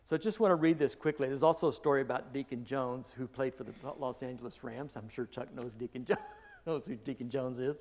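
A man's voice: medium pitch, fairly even intonation, fairly quick, darkish tone. A male pastor giving a conversational sermon, correcting himself as he goes and rising in emphasis at key points. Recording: long reverb of a large hall.

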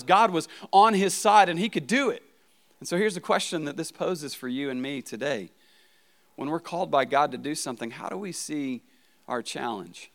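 Preaching in a fairly bright voice on the high side, this pastor keeps the sermon relaxed and chatty. He frequently asks "right?" to check in and starts words over.

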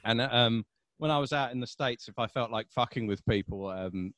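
A man's voice: mid-range voice, normal speed, dry recording. A man in his thirties with a South London accent, a comedian chatting casually and telling stories with frequent laughs. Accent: South London English. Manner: animated storyteller, laughs often. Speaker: stand-up comedian guest. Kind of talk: casual podcast chat.

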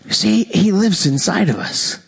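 With a husky, high voice touched by vocal fry, a male preacher delivers a sermon at a measured pace. He animates the story by taking on its characters' voices and laughs frequently.

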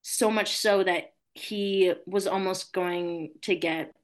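A woman's voice: lowish voice, steady tone, slow. A woman co-hosting a casual podcast, talking loosely with lots of fillers and frequent giggles. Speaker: podcast co-host.

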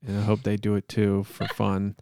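Gravelly low-voiced man hosting a podcast. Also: monotone, moderate pace, warm tone, dry recording. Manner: joking, mock-solemn praying. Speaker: podcast host. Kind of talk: casual podcast chat.

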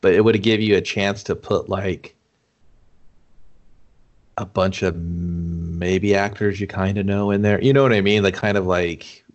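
A laid-back, profane man co-hosts a casual movie podcast chat, laughing often. He has a low, steady voice and speaks a little slowly, and the recording is muffled.

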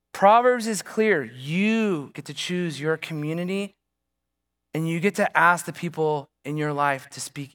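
A man's voice: on the high side, a bit bright. A man preaching as a pastor, telling a personal story in a conversational way and asking the congregation rhetorical questions. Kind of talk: sermon.

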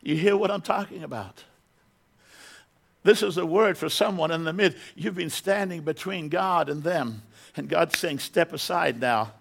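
A man's voice: fairly high pitch, normal speed, gravelly, fairly bright tone. A middle-aged man preaching a sermon as pastor in a church, building to emphatic bursts and repeating words as he goes.

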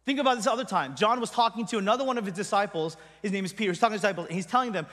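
High-voiced man preaching in a hall. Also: expressive, racing, hardly any pauses. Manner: conversational, emphatic, trails off quietly at line ends. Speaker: pastor. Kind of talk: sermon.

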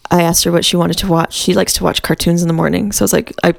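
A woman's voice: on the low side, fast talker, creaky. A young woman co-hosting a casual chat, telling stories with lots of laughter and acting out what people said. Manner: animated storyteller, acts out quotes, laughs often. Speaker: podcast co-host.

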